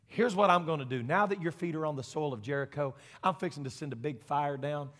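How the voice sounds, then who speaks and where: Man voicing God, calm commanding deity, plain matter-of-fact delivery, bright tone, long church reverb. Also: fairly high pitch, brisk. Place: church sanctuary.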